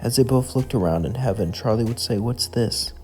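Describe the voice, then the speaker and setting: A man's voice: medium pitch, fast talker, darkish tone, soft background music. A man narrating a casual fan story in a plain, repetitive way.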